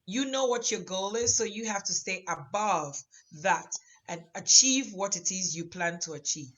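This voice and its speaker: A middle-aged woman with an African accent, tinged with French, talking as a guest in an interview in an animated, emphatic and heartfelt way. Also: mid-range voice, normal speed. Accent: African, with French traces. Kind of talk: conversational interview.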